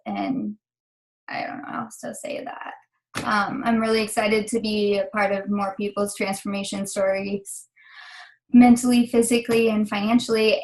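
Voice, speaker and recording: Through poor audio comes a slightly high, fairly bright female voice: a young team leader giving her team a pep talk on a call. She's emotional and close to crying, rambling and leaning heavily on fillers to lift them up.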